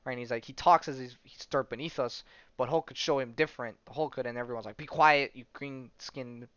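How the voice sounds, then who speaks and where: A man's voice: medium pitch, fast, no echo. A man hosting a podcast, casually retelling comic stories, rambling with many fillers and restarts and the odd swear word. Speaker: podcast host. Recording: dull lo-fi sound.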